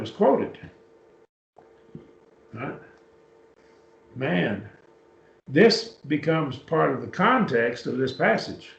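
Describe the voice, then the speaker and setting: A man with a creaky, mid-range voice teaches a church Bible class about Greek words. He's unhurried, explaining word forms step by step as he uses a computer, and the recording is dull and lo-fi, from a distant mic in an echoey room.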